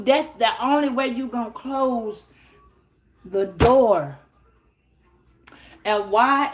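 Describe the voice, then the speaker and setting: A high-voiced woman talks straight into her phone. She gives tarot advice bluntly and with plenty of swearing. She keeps breaking into acted-out little scenes. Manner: blunt, profane, animated, acts out little scenes. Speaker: tarot reader. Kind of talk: casual advice monologue.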